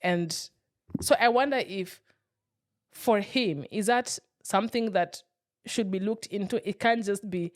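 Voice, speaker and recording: A woman's voice: medium pitch, measured pace. A woman co-hosting a podcast in casual chat, thinking aloud with loose restarts and quoting imagined people. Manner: reflective, talks in loose restarts, acts out quoted people. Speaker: podcast co-host.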